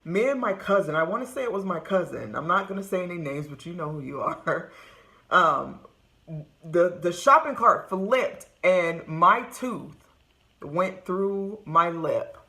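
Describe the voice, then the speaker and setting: A woman's voice: on the low side, measured pace. A woman from California telling funny childhood stories straight to the camera, laughing often and acting out what people said. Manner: laughs often, lively retelling with acted quotes. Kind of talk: casual storytelling to camera. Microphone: camera close-up.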